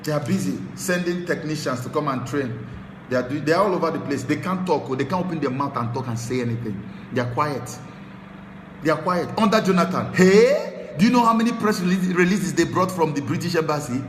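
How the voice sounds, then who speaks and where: A Nigerian man hosting a talk show, giving impassioned political commentary that swings from low muttering to shouted tirades. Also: animated, brisk, roomy sound, in a large hall, a little hiss or hum. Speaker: show host.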